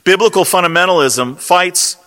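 A man's voice: high voice, normal speed, fairly bright tone. A man preaching a sermon at a convention, emphatic and rhetorical, leaning hard on single words. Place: convention hall. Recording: long hall reverb.

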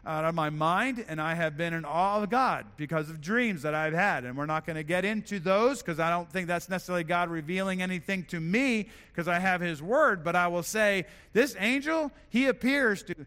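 A man preaching with a high, bright voice that rings out through a large hall. He talks earnestly and conversationally, restarting phrases and repeating words as he works through his point. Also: normal speed, hardly any pauses, smooth. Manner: earnest, self-correcting, repeats words while building points. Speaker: pastor. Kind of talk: sermon.

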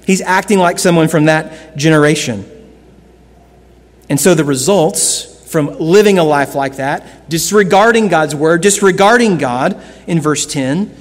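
Pastor, male, high voice, earnest sermon delivery, long hall reverb. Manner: earnest preaching, shifting between loud emphasis and hushed lines.

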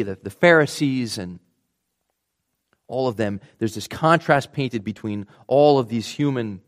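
Male pastor, mid-pitched voice, earnest sermon delivery with hushed tender stretches. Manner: earnest, restarts words, drops to a soft hush for tender moments.

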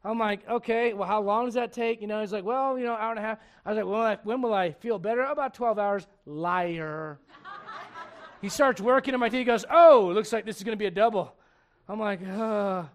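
A man preaching a sermon, acting out bits of dialogue with humor and laughter, swinging from loud punchlines to hushed, earnest points. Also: sits high, moderate pace, smooth. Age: adult. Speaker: pastor.

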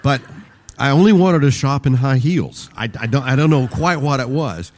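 Older pastor with a mellow, dark voice. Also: male voice, mid-range voice, normal speed. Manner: rambling, conversational, with restarts and varied emphasis. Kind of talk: sermon.

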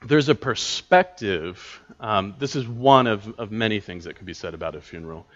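A man teaching a church class on scripture, thoughtful and halting, with many filler words and restarts. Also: fairly low pitch. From United States. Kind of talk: Bible teaching talk. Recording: dull lo-fi recording.

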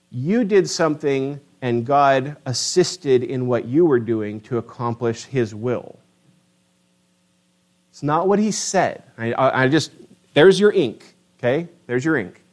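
A man preaching a sermon, animated and emphatic, asking his listeners rhetorical questions. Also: mid-range voice. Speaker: pastor.

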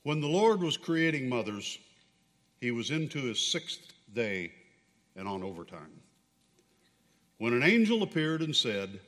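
Man pastor, sermon, deliberate, very lively inflection, church hall reverb. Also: medium pitch.

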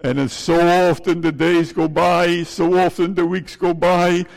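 A male pastor preaching an earnest, halting sermon, often repeating phrases and tagging lines with "eh?". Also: on the high side, level tone, gravelly, big-room sound.

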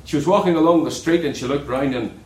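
A man preaching a sermon in an earnest way, dropping low and soft on key words. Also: fast talker, reverberant, poor audio.

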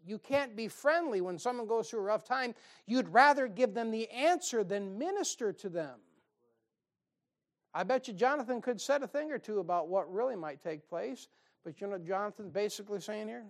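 A man preaching a sermon in a folksy, conversational way with quick asides. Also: high voice, animated. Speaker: pastor.

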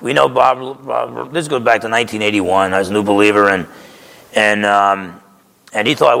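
A pastor in his sixties from New Jersey, USA, preaches a conversational yet emphatic sermon, repeatedly asking "okay?". His mid-range voice is a bit bright with vocal fry, and he speaks a little fast. The sound echoes in a reverberant hall.

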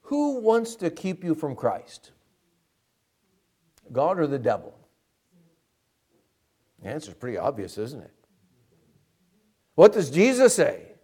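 An earnest male pastor preaches with a lively, expressive voice that rises and falls freely. He sits a little above the usual pitch for a man and presses his points with direct questions to the congregation. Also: slow pace, long pauses. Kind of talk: sermon.

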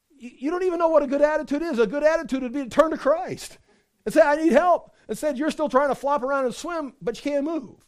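High-voiced animated male preacher. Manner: animated, acts out voices in quick asides. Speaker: pastor. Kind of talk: sermon.

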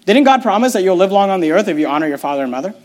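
A man with a high, light voice preaches a sermon in a church. He talks emphatically, mocks with wry asides and often stumbles and repeats words as he presses his point. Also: sing-song, rapid-fire, a little mellow. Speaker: pastor.

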